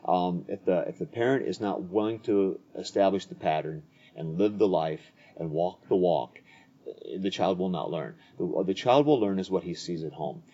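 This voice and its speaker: Guy w/ a warm husky voice talking earnestly about faith, kinda muffled audio. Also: sits low, moderate pace. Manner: earnest, repeats words as he restarts. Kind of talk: conversational teaching on faith. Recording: dull lo-fi audio.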